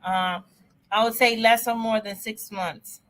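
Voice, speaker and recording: Chatty woman doing a live immigration q&a, kinda high voice, bright and forceful. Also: measured pace. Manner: chatty, excitable, repeats herself. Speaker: immigration advisor. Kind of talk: live Q&A stream.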